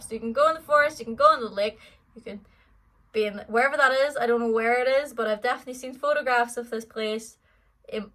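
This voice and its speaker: Bright, chatty Irish young woman. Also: on the high side, low-quality recording. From Ireland. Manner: rambling, chatty, full of fillers. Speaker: singer answering fan questions. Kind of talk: casual Q&A vlog.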